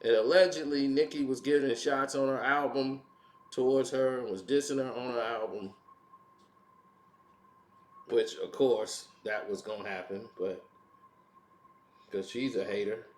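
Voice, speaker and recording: A man's voice: medium pitch, steady tone, unhurried, long pauses. Laughing mocking man in echoey room. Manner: laughs often, mocking asides. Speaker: commentary channel host. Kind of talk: casual opinion commentary.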